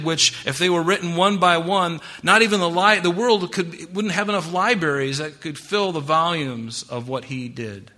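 Male pastor, bright forceful tone, sermon delivery, emphatic then hushed. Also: on the high side. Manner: expository preaching with scripture quotes; swings between emphatic rises and hushed drops.

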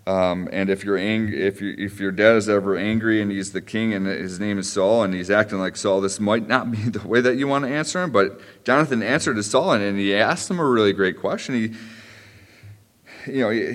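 A man's voice: fairly low pitch, big-room sound. A man preaching a sermon in a conversational way, telling the story with frequent restarts and asides.

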